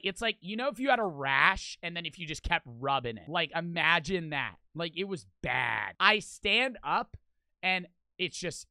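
A young man telling a story to camera, animated and crude, swearing nonstop and repeating his punchlines. His voice is bright and sharp-edged. The recording is close and dry. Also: on the high side, no room sound. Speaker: streamer.

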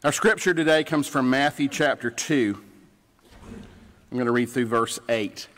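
A man's voice: medium pitch, a little slow, a bit bright. Guy preaching, chatty storytelling, church reverb trailing behind him. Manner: conversational storytelling, plainspoken. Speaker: pastor. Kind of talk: sermon. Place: church sanctuary. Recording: church livestream with long reverb.

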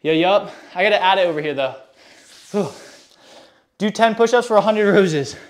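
A man's voice: high-pitched, lively intonation, moderate pace. An out-of-breath man live-streaming a workout, chatting with viewers in a hyped, slangy way while exercising. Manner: hyped, slangy, reads chat aloud. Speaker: fitness streamer.

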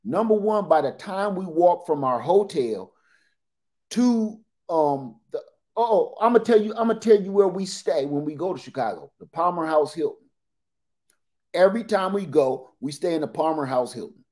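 A man in his forties, a livestream host telling animated, joking stories in casual talk. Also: a little high, normal speed.

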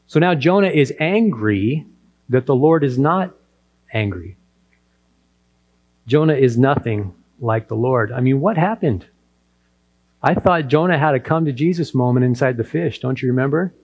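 A man preaching from the pulpit at an ordinary middle pitch. He tells the story in a lively way and acts out the characters' lines as he goes. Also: normal speed, pauses often. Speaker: pastor. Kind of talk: sermon.

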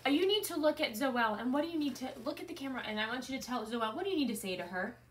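A woman's voice: high-pitched, lively intonation, very fast. A woman in her thirties, a mother hosting a casual unboxing with her kids, gushing and easily moved. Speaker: mother and channel host.

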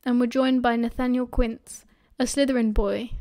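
A woman with a British accent narrating an audiobook in a steady, expressive storytelling manner. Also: fairly high pitch, moderate pace. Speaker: audiobook reader.

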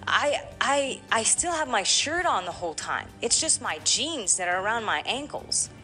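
A woman with a bright, somewhat high voice recounts a painful personal story as a podcast guest. She tells it with animated emotion, acting out the voices of others. Soft music plays underneath. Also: moderate pace. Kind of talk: candid podcast interview.

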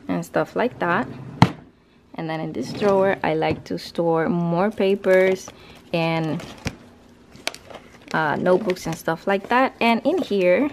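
A woman's voice: fairly low pitch, darkish tone, a little hiss or hum. Chatty woman touring her craft studio. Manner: chatty, loose, with fillers and restarts. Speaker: craft vlogger giving a studio tour. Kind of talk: casual home tour narration.

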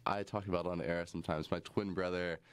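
A man's voice: low voice, steady tone, fairly quick, clean tone, no room sound. A young college man co-hosting a campus show, telling a rambling story with dry humor. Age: young adult. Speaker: co-host. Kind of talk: casual chat.

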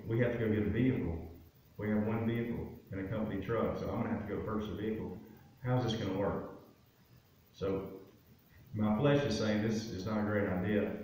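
A male guest speaker offers his testimony in a church sanctuary, telling a personal story in an easygoing, filler-filled manner. His voice is fairly low and a bit mellow. It was recorded from far away in a very echoey room, with a little hiss or hum.

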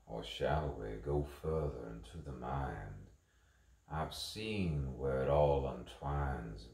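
A man's voice: rumbling low, a little mellow, roomy sound. A man delivering a rambling, repetitive spoken monologue, musing to himself.

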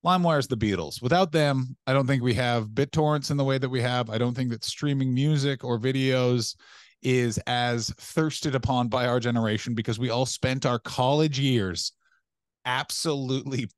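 A young adult man co-hosting a podcast, riffing in animated, profane rants during casual comedic chat. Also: mid-range voice, dry recording, studio quality. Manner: animated, profane ranting with rapid riffs. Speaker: podcast co-host.

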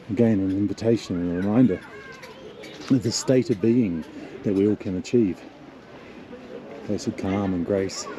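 A man hosting a travel vlog outdoors in a mountain town, speaking in a reflective, softly awed way as he leads a tour. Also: lowish voice, noisy background. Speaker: tour leader and vlog host. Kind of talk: casual travel vlog narration. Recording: outdoor street crowd behind.

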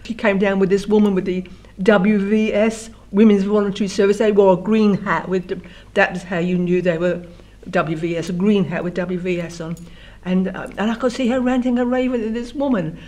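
A woman's voice: mid-range voice, fairly even intonation, fairly quick, darkish tone. A woman, telling her life story in an oral history interview and often restarting her words as she remembers. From London. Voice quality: frequent restarts and repeated words while remembering.

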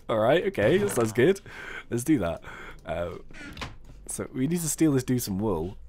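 A man hosting a game video, chatting excitedly and thinking aloud as he plays. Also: medium pitch, unhurried, long pauses, slightly rough. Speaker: gaming video host. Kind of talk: let's play commentary.

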